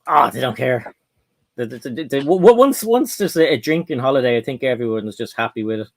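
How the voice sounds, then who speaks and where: A man's voice: medium pitch, expressive, brisk. A man hosting a casual livestream chat, rambling on and reading out viewer comments. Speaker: host.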